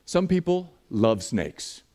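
Man, sermon, high voice, lively, jokey, acts out voices, church. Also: slow pace. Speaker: pastor.

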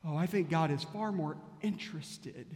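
A man's voice: a little high, normal speed, a little mellow, in a large hall. A male pastor preaching a sermon, telling a story and firing off repeated rhetorical questions.

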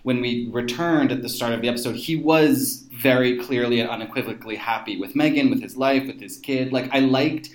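A man's voice: mid-range voice, brisk, hardly any pauses, reverberant, poor audio. A man co-hosting a podcast, chatting casually and enthusiastically about a TV show. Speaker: podcast co-host. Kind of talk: casual TV recap chat.

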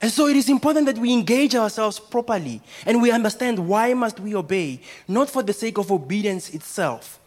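A man's voice: high voice, expressive, fairly quick, hardly any pauses. A man, a pastor, preaching a sermon and asking the congregation rhetorical questions.

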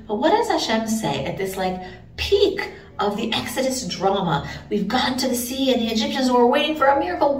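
A woman giving a recorded Bible teaching, earnest and expressive as she retells the story. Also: a little high, fairly quick, roomy sound, far from the mic.

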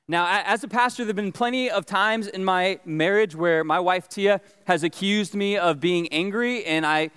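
Man, pastor, sermon, earnest chatty delivery, stumbling restarts, high voice, long hall reverb. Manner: earnest, conversational, frequent restarts and stammered repeats.

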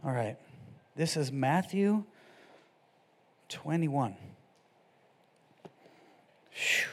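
A man preaching an off-the-cuff sermon, casual and animated, moving from quiet scripture reading to loud, excited exhortation. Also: a little high, extremely slow.

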